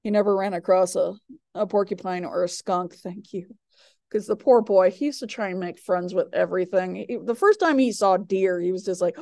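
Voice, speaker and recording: A woman's voice: mid-range voice, brisk, gravelly, warm tone, dry recording, studio quality. A woman teaching a recorded biology lecture, rambling with lots of fillers and chatty personal asides. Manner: rambling, digressive, many fillers; chatty, tells personal anecdotes. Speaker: biology instructor.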